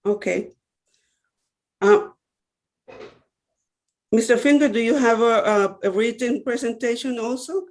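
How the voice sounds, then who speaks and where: A board chair opens a public meeting and introduces the presenters. The delivery is procedural and courteous, with a medium pitch and occasional small restarts. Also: measured pace, pauses often. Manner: procedural, polite, slight stumbles.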